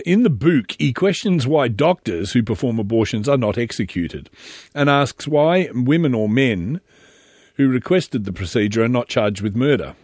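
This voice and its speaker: A chatty Australian man talks through a casual monologue, rambling and restarting his sentences as he goes. His voice swings freely up and down at a middling pitch. The sound is close and dry. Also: expressive, moderate pace, a little mellow, no room sound. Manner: rambling and chatty, with many self-interruptions and restarts.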